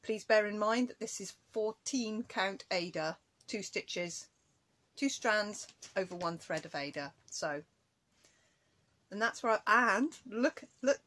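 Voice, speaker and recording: In a cross-stitch vlog, a woman talks casually to camera, rambling along and breaking off now and then to scold her cat. Her voice is medium in pitch with a fairly bright tone.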